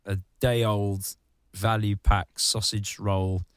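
A man's voice: fairly low pitch, level tone, slow pace, smooth, no echo. A man in casual comedic podcast chat, ranting sardonically with crude, vivid insults.

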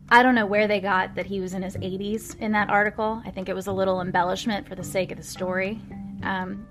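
A woman hosting a podcast, telling a history story casually with chatty, wry asides. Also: mid-range voice. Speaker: podcast host.

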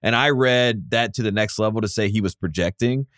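A man's voice: on the low side, brisk, fairly bright tone, no echo, clean studio sound. A man co-hosting a casual sports podcast, joking around with frequent laughs and fillers. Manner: laughs often, many fillers, jokey. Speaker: podcast co-host.

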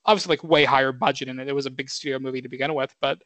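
A man's voice: medium pitch, fairly even intonation, racing, a bit bright, no echo. A man in his twenties co-hosting a casual movie podcast, rambling with lots of fillers and casual swearing. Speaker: podcast co-host.

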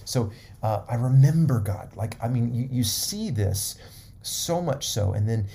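A man's voice: mid-range voice, animated, unhurried, vocal fry, warm tone, breathy edge. A man preaching a sermon, emphatic and repetitive, often checking in with his listeners.

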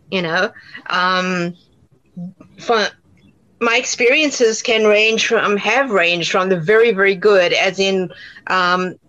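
A woman's voice: on the low side, a bit bright, lo-fi sound. A woman with a South African accent, an actor telling stories in an interview, chatty with many fillers and restarts. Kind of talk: casual interview answers.

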